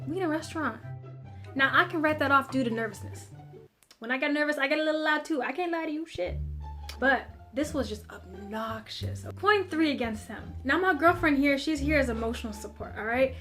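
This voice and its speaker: High-voiced chatty young woman storyteller. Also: brisk, faint music behind. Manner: chatty, emphatic, lively retelling with asides. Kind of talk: animated story time narration.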